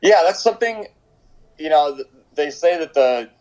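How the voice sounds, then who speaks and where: A man's voice: fairly high pitch, animated, normal speed, darkish tone, low-quality recording. A young man, a pro soccer goalkeeper, chatting in an interview, rambling with lots of fillers and restarts. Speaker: professional soccer goalkeeper, guest. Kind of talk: casual interview storytelling. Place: home during quarantine.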